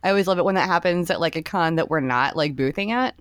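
A woman's voice: lowish voice, fast, smooth, dry recording. A woman co-hosting a podcast in casual chat, chatty and laughing often as she acts out quotes. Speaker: podcast co-host.

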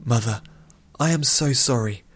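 A man's voice: medium pitch, moderate pace, slightly rough, voice pushed up, natural voice. A man reading an audiobook and voicing an earnest young princess who talks in an urgent, pleading, apologetic way. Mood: remorseful. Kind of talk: audiobook character voice.

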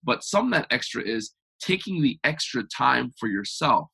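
A man guest on a podcast interview, talking in an energetic, emphatic, motivational way. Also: mid-range voice, moderate pace, creaky, slightly rough. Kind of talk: conversational interview.

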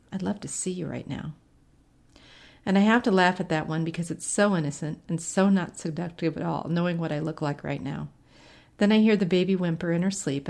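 A woman reads a first-person short story aloud in a wry, conversational way. Her voice is pitched low and has a gravelly fry running through it. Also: a little mellow. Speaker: story reader.

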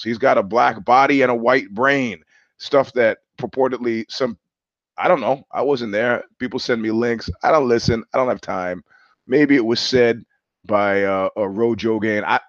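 Deep-voiced man rambling, dry lo-fi. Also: no room sound. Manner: rambling, laughs often, stammers and restarts. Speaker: host. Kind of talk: casual monologue. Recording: dull lo-fi sound, dry.

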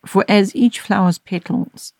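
A woman podcast host reading a short story aloud in a measured, gentle way. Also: medium pitch, gravelly, dry recording. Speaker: audiobook narrator and podcast host. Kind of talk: scripted story narration.

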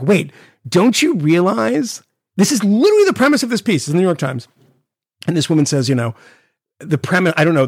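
Podcast co-host, male, gravelly and sarcastic, dry close sound. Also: mid-range voice, no echo. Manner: sarcastic, mocking, animated rants. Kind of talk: casual chat.

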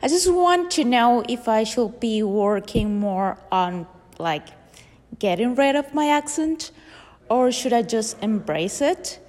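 A woman's voice: on the high side, expressive, slow, a little mellow, big-room sound. A woman from Venezuela with a Venezuelan Spanish accent, leaving a polite, hesitant question for a show. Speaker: caller. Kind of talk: recorded voice message question.

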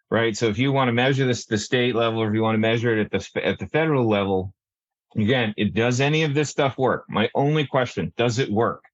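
A man's voice: medium pitch, no echo, highs cut off. A man talking through a policy discussion, rambling with many restarts and fillers. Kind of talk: casual panel discussion.

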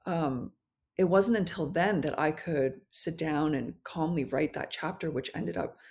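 A woman who is a podcast guest and memoir author, talking candidly and thoughtfully, often pausing to search for words. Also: deep voice, creaky, darkish tone. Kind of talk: reflective conversational interview.

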